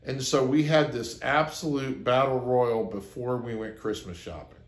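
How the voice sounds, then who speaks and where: A man's voice: medium pitch, normal speed, roomy sound. A man sharing a personal story as advice to his viewers, speaking earnestly and acting out the lines he quotes. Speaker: relationship advice host. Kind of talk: advice monologue to camera.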